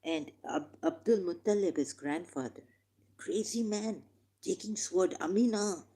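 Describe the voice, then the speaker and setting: A woman reading scripture aloud and commenting on it with passion, slowing down for the verses and pausing with hesitations. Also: on the low side, warm tone, husky. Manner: impassioned, reads verses slowly with hesitations. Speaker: religious commentator.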